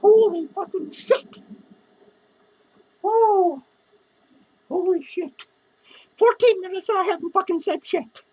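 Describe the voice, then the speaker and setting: A drunk, lonely clown lady, played by a woman, rambling and cursing through a character vlog. Her voice sits very high and squeaky. The recording sounds dull and lo-fi. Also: takes it slowly, long pauses, a little mellow. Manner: rambling, profane, giggly. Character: drunk, lonely, foul-mouthed female clown.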